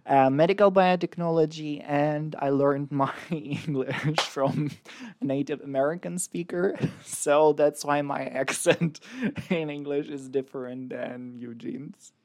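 Podcast co-host, casual chat, slow, halting, laughs a lot. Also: mid-range voice, fairly even intonation, a little mellow. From Ukraine. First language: Ukrainian. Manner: hesitant, many ums, laughs often. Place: Berlin area.

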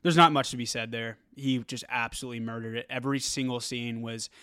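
A man co-hosting a casual movie review chat, animated and profane, often laughing. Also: medium pitch, quick pace, smooth, no room sound. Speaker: movie review podcast co-host.

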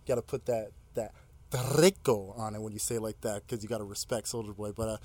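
A man hosting a casual podcast, loud and playful as he trash-talks his guest. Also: lowish voice, fairly even intonation, brisk. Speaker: podcast host.

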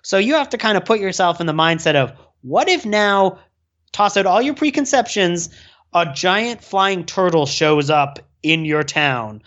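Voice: medium pitch, measured pace. Brief: enthusiastic co-host, casual film chat, dull lo-fi audio. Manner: enthusiastic, animated, with fillers.

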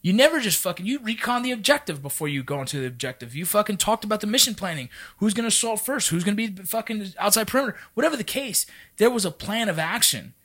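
A man with a high voice talks in a loose podcast chat, swearing constantly and hammering his points home. His pitch swings widely as he gets worked up about veterans and training. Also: very animated, quick pace, a bit bright. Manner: profane, emphatic, fired-up. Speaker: military veteran. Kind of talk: casual podcast conversation.

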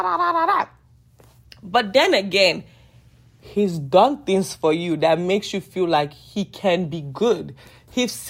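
A woman in her twenties talking casually to the camera, emphatic and frank, repeating lines for effect and swearing freely. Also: medium pitch. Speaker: vlogger.

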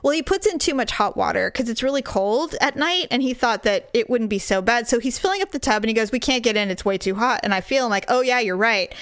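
Smooth, higher-voiced woman telling a story. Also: a little fast, few pauses, no room sound, studio quality. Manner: animated, profane storytelling with acted-out quotes. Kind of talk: casual chat.

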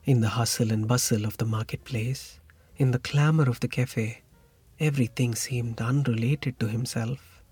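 A man reads a short story aloud in a measured, reflective manner, his voice husky and dry. Soft music plays faintly behind him. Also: medium pitch, fairly even intonation, dry recording. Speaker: narrator. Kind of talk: scripted story narration.

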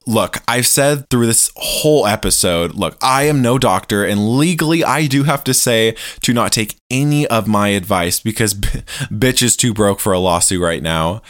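A man's voice: fairly low pitch, fairly bright tone, dry recording, clean studio sound. A man hosting a casual solo podcast, flamboyant, profane and joking as he talks to his listeners. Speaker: podcast host.

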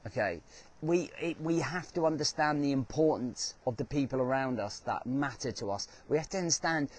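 A man's voice: a little high, a little mellow. A man hosting a motivational talk, speaking earnestly and repeating phrases for emphasis. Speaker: host.

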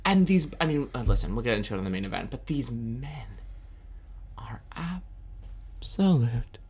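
A man's voice: medium pitch, lively intonation, moderate pace, a little mellow, husky. A man co-hosting a casual pop-culture podcast, catty and theatrical, swearing a lot and mimicking the people he talks about. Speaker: podcast co-host.

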